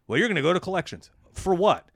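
A man's voice: high-pitched, sing-song, fast, creaky, fairly bright tone, no room sound. Dry-voiced man co-hosting a podcast. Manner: storytelling, coaching business owners. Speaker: podcast co-host. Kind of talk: casual business podcast chat.

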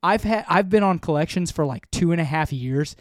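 A man with a somewhat high voice co-hosting a casual podcast, cursing freely as he rants. The sound is dry and close, with no room echo. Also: a little fast. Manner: profane, defiant, animated ranting. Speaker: podcast co-host.

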